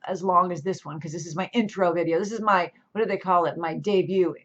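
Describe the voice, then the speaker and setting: A woman's voice: fairly low pitch, steady tone, fairly quick, fairly bright tone. Chatty middle-aged woman, slightly dull audio. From California. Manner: chatty, self-interrupting, lots of asides. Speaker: real estate agent and channel host. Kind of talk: casual talking-to-camera intro.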